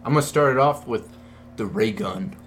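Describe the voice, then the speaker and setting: A man's voice: mid-range voice, normal speed, a little hiss or hum. A man co-hosting a casual podcast, talking loosely, swearing freely and laughing at himself. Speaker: podcast co-host.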